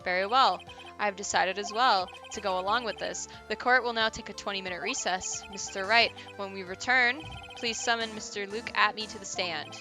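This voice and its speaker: A woman voicing a calm, formal older male judge, reading game lines in a measured way. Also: medium pitch, soft background music, close to an everyday voice. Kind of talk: reading game dialogue aloud.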